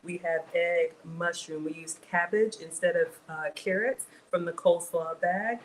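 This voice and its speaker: A woman's voice: on the low side, a little slow, a little hiss or hum, low-quality recording. Chatty woman hosting a cooking livestream. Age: middle-aged. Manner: chatty, greets viewers, laughs often. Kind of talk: casual live cooking chat.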